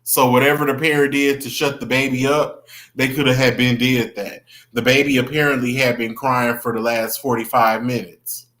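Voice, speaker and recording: A man's voice: mid-range voice, level tone, normal speed, a bit bright. A young man hosting a casual livestream, chatting with viewers, greeting them by name and gossiping about the news. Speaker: livestream host.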